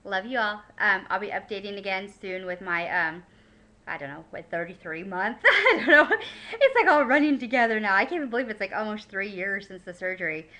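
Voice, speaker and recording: A woman's voice: medium pitch, brisk, bright, forceful tone, poor audio. A woman in her thirties talking casually in a personal video diary, chatty and emotional, with lots of fillers and restarts. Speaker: vlogger.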